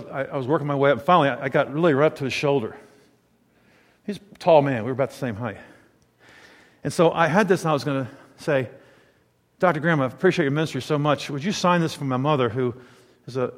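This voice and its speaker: A man's voice: medium pitch, big-room sound. Man telling a story in a sermon. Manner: rambling storytelling with self-corrections. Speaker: pastor.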